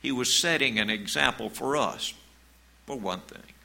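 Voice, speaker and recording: A man preaching a sermon as pastor, in a slow, measured way, reading scripture aloud. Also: medium pitch, creaky, bright, forceful tone, rough recording.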